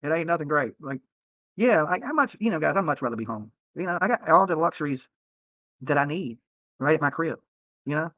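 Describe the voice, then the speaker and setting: Fast, heated man ranting on stream. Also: fairly high pitch, sing-song, no room sound. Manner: profane, heated, repetitive. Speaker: live-streaming YouTuber. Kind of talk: late-night livestream rant. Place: hotel room. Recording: dull lo-fi stream audio.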